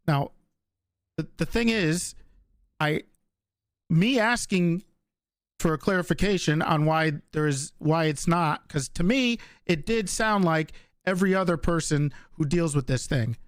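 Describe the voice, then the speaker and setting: A man's voice: a little high, measured pace, no echo, clean studio sound. A man in an in-character roleplay argument, hesitant and stammering as he defends himself. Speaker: police department leader in roleplay.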